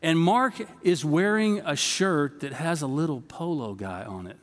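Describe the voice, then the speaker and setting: A man's voice: on the high side, lively intonation, measured pace. A man in his fifties preaching a sermon to his congregation, telling a story in a conversational way and speaking to them directly. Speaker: pastor. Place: church sanctuary. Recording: long reverb of a church hall.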